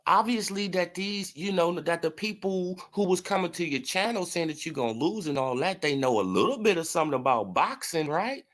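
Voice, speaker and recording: A man hosts a casual boxing commentary livestream, mocking and profane, laughing often as he answers his chat. His high-pitched voice is expressive and fairly bright, moving a little fast with hardly any pauses.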